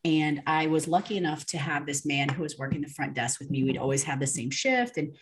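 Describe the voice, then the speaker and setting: A woman guest on a podcast, telling her personal faith story in a casual, animated way, full of "um" and "like" and acted-out dialogue. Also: low-pitched, brisk. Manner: animated, with fillers and reenacted dialogue.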